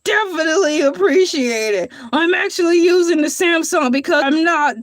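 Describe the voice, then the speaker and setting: Woman doing a bragging male shark host, very high voice, grandiose, rambling, self-praising, dry close sound. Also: normal speed, no echo. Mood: boastful. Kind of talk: character livestream show.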